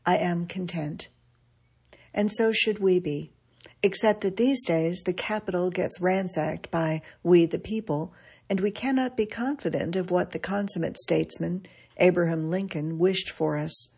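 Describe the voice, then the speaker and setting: A middle-aged woman reading a reflective essay aloud in a wry, measured way. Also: on the low side, creaky, a little mellow, slightly rough. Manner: wry, measured, quoting others with dry emphasis. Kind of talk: scripted reflective narration.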